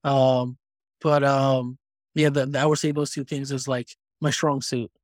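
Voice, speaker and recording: A man in his thirties, a podcast guest, telling stories in a casual, animated way with frequent ums. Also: mid-range voice, unhurried, dry recording, clean studio sound. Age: 30s. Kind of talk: casual storytelling chat.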